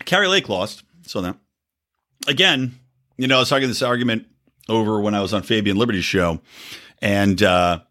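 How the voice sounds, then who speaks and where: A man's voice: fairly low pitch, normal speed, pauses often, sharp tone. A male podcast host delivering heated, indignant political commentary, full of swearing and rhetorical questions.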